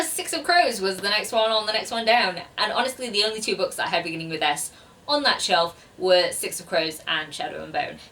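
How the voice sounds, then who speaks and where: A woman's voice: lowish voice, pushed and bright, distant mic. A woman chatting casually to camera about books on her shelves, rambling and self-deprecating. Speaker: BookTuber. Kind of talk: casual book chat to camera.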